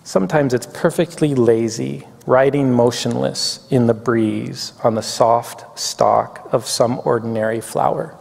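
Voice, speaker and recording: A man preaching a chapel sermon, reading poetry slowly and reflectively, getting a little weepy. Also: medium pitch, fairly even intonation, creaky, darkish tone. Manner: reflective, reads poetry slowly, tearful at times. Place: campus chapel. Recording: long hall reverb.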